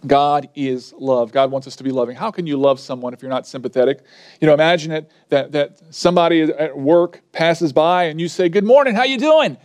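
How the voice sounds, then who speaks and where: A man's voice: on the high side, little pitch movement, a little fast, darkish tone. A man preaching a sermon, earnest and emphatic, sometimes acting out the people he quotes. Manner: earnest, varied emphasis, acts out quoted speakers.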